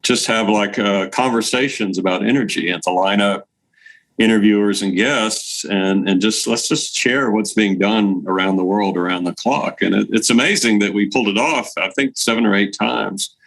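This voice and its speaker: Man, very low voice, gravelly, relaxed storytelling guest. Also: moderate pace, rough recording. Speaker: guest, light therapy device maker. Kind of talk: casual interview talk.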